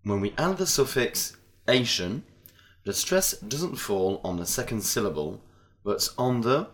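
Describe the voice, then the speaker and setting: A man reading scripted lesson narration and word lists in a slow, deliberate way. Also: lowish voice. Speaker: narrator of language-lesson audio.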